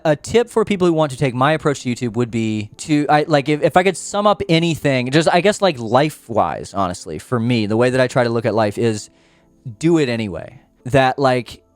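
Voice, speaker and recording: A man hosting his own show, talking in a loose, rambling way and restarting his sentences often. He sounds earnest and unpolished, and his voice sits at an ordinary middle pitch. The sound is dry and close, with no room echo. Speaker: podcast host. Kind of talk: casual rambling monologue.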